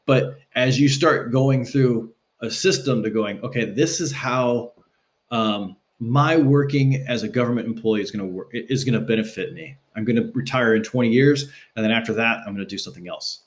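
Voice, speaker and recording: A podcast guest in Los Angeles tells stories in a casual, conversational way at a moderate pace. He's animated, acting out quotes with shifting pitch.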